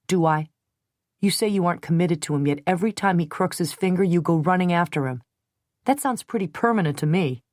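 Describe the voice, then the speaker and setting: Brief: hot-tempered thirtysomething man, voiced by a female narrator, blunt, forceful, dry close read. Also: fairly low pitch, fairly quick, no echo, natural voice. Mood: angry, heated. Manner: blunt, forceful, sometimes scornful. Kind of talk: audiobook character reading.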